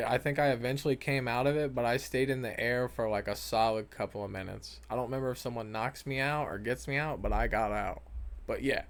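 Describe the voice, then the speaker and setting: A man's voice: mid-range voice, fast. A young man who rambles and swears a lot, talking casually over gameplay footage and trailing off often. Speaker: gaming vlogger.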